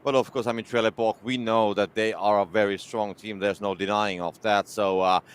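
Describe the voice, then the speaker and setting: A man giving a relaxed post-match analysis of an esports final, with hesitant, filler-heavy phrasing. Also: on the low side, moderate pace, smooth.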